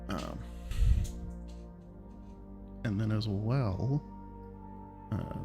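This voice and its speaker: A man's voice: lowish voice, extremely slow, creaky, over music. A man giving casual gameplay commentary, thinking aloud and often muttering questions to himself. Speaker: let's play gamer.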